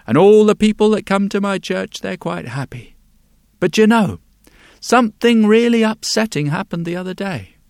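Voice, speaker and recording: Fretful, hesitant vicar, done by a male storyteller, light raised pitch, dry. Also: lively intonation, moderate pace, gravelly, darkish tone, no room sound. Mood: troubled. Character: troubled middle-aged male country vicar.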